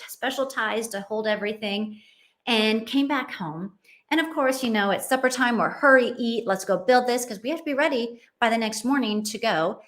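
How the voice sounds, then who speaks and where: A middle-aged woman with a slightly high voice tells a story from her family life. She hosts a Christian parenting show and speaks in an earnest, heartfelt way. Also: fairly bright tone. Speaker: Christian parenting podcast host. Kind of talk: personal storytelling.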